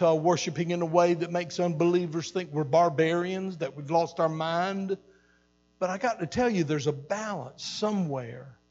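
A male pastor preaching a sermon, animated, repeating phrases and swelling loud for emphasis. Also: fairly high pitch, big-room sound, muffled recording. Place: church sanctuary.

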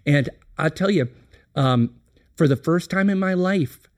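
A man's voice: a little high, unhurried. A middle-aged man talking candidly on a business podcast, telling a reflective, earnest story with many restarts. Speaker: company president, podcast guest.

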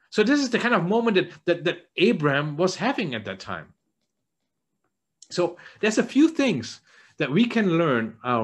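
A man, a church elder, preaching a sermon in an earnest way, often repeating words as he searches for phrasing and dropping low and soft for quoted lines.

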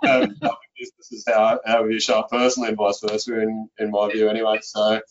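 An accountant speaking as a guest in a relaxed interview, filling his speech with "you know". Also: fairly low pitch, fast, lo-fi sound. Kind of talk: conversational interview.

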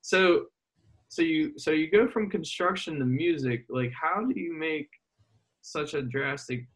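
A man's voice: on the high side, a little slow, fairly bright tone. A man interviewing a guest in a casual, rambling way, full of fillers. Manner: casual, filler-heavy questions.

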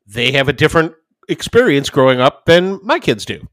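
A man's voice: a little high, sing-song, moderate pace, fairly bright tone, no room sound, studio quality. A man in his thirties co-hosting a podcast, telling a family story in casual chat and acting out his kids' voices. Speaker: podcast co-host.

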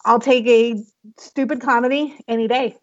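A woman argues her picks on a casual podcast, lively and emphatic with an easy laugh. Her slightly high voice sounds dull and lo-fi through the call. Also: moderate pace. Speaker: podcast panelist.

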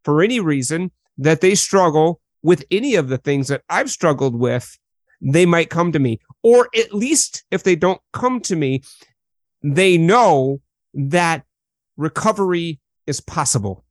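Calm, measured middle-aged male host. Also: on the high side, no room sound. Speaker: podcast host. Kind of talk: reflective interview conversation.

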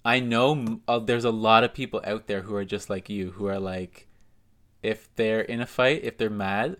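A man's voice: lowish voice, fairly bright tone. A man co-hosting a podcast, explaining his view in a laid-back, reasoned way. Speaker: podcast co-host. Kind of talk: casual podcast chat.

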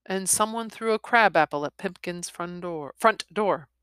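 A woman reading a story aloud in a soft, expressive voice that often drops into a whisper. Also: on the low side, normal speed, clean tone, no room sound. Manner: soft, partly whispered delivery.

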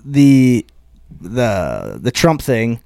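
A man's voice: mid-range voice, wildly swooping pitch, very slow, vocal fry, darkish tone, clear, resonant tone, no echo, studio quality. A man, a stand-up comedian, telling a rambling, profane story in casual chat.

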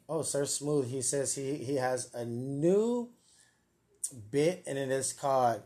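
A man's voice: mid-range voice, expressive, unhurried, dark tone. A man hosting a live comedic podcast, rambling, joking and swearing at himself. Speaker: podcast host. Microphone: earpiece and mic, live stream.

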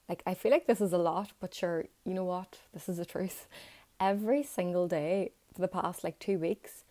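A young woman speaks in a low, mellow voice, earnest and reassuring as she shares reflections with her viewers. Her talk is loose and casual, often leaning on "like" as she encourages the listener to keep going. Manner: earnest and encouraging, with many "like" fillers. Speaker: vlogger. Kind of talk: reflective motivational talk to camera.

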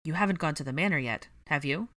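Calm young father, read by a woman. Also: sits low, fast. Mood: gentle.

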